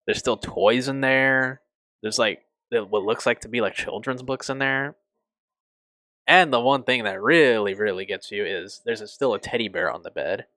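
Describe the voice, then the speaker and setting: A young man reviewing a TV show on his channel, emotional and halting, swearing often and restarting his sentences. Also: medium pitch, sharp tone, no echo. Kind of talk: casual review.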